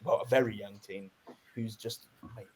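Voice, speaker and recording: A man's voice: fairly low pitch, fairly even intonation, normal speed, a little mellow, a little hiss or hum. A young man co-hosting a podcast, chatting casually and animatedly and swearing freely. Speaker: podcast co-host. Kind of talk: casual chat.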